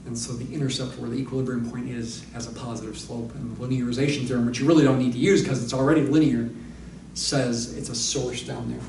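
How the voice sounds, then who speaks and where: A man's voice: mid-range voice, steady tone, fast, gravelly, a little mellow, distant mic, slight background noise. A man lecturing on mathematics, explaining step by step and thinking aloud with asides. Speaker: math lecturer. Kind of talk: recorded university lecture. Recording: echoey room, voice a little off-mic.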